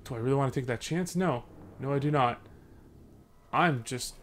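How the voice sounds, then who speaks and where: Over a little hiss or hum, a young Canadian man from Sudbury narrates his horror game playthrough in a mid-range voice, talking a little fast and pausing often. As a let's play host he keeps things jokey, though frights send him yelping, panicking, and cursing.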